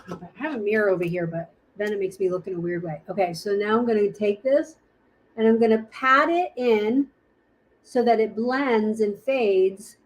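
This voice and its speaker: A woman's voice: mid-range voice, moderate pace. A woman giving a casual live makeup tutorial, chatting and thinking aloud as she hunts for her products. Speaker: makeup presenter.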